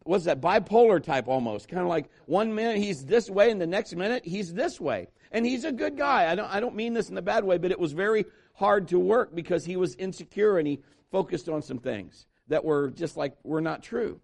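A middle-aged male pastor with a high voice, preaching with lots of energy. He tells stories and acts out the people in them, and he moves quickly between plain teaching and quoted voices. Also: expressive, creaky, a little mellow. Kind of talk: sermon.

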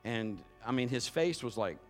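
A male pastor preaching a sermon in a conversational storytelling way, building to loud emphatic bursts. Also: mid-range voice, lively intonation, normal speed, faint music behind.

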